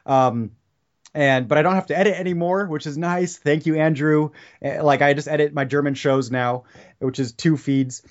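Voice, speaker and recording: Man podcaster, fairly high voice, loose and rambling, on dull lo-fi audio. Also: fairly even intonation, moderate pace. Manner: rambling, with frequent restarts and tangents. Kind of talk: casual podcast chat.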